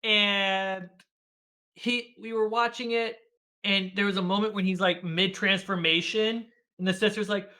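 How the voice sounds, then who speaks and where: Guy on a video call, bright slightly high voice, animated storyteller, laughs a lot, acts out quotes. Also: a little slow. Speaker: guest, filmmaker and game master. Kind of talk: casual conversational interview.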